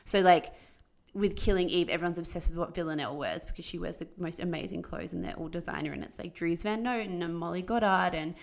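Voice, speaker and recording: A woman's voice: lowish voice, quick pace, vocal fry, hardly any pauses. A woman co-hosting a podcast, chatting casually and using lots of filler words. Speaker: podcast co-host. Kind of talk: casual chat.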